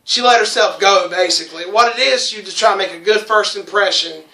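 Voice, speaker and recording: Man, podcast host, crude rambling storyteller who laughs a lot. Bright, edgy tone, mic set back in an echoey room. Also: sits high, a little fast.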